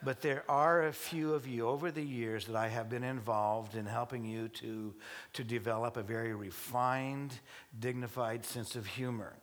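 Man preaching a sermon, stops and restarts a lot, tosses in jokes, mid-pitch voice. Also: steady tone, a little hiss or hum. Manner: halting, many restarts, joking asides. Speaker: pastor. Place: church service before a congregation.

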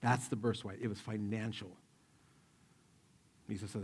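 A man's voice: on the low side, brisk, pauses often, slightly rough. A male pastor preaching a sermon, retelling a Bible story in a casual, joking way and acting out the quotes.

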